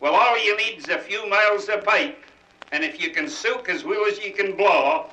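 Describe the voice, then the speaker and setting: A man's voice: high-pitched, normal speed, sharp tone, roomy sound, dull audio, slight background noise. A man voicing a proud Scottish tour guide with a Scottish accent, inside a joke on a vintage comedy record. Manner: proud, dry.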